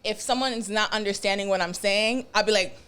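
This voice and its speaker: Fast-talking woman, casual and profane. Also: mid-range voice, clean tone. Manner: rapid, profane, animated storytelling. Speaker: podcast guest, business co-owner. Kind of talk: casual podcast chat.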